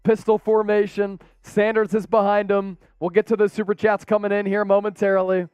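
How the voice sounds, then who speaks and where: A man hosting a rowdy live-stream watch party, calling plays in an excitable, laughing, casual manner. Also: high voice, brisk, clear, resonant tone, dry recording. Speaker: host.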